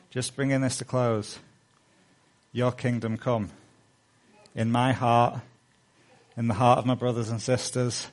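Earnest man preaching a sermon. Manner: earnest preaching with rising fervent appeals; hushed, low prayer voice. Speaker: pastor.

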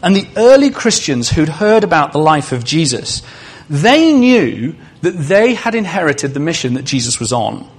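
A man's voice: fairly high pitch, sing-song, normal speed, few pauses, breathy edge. A male preacher giving a sermon in a conversational way, asking the congregation questions and adding humorous asides.

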